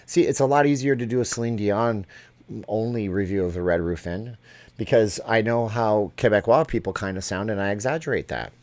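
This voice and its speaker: A man's voice: on the low side, fairly quick, darkish tone. A middle-aged man hosting a casual live stream, reading out viewer questions from the chat and answering them offhand.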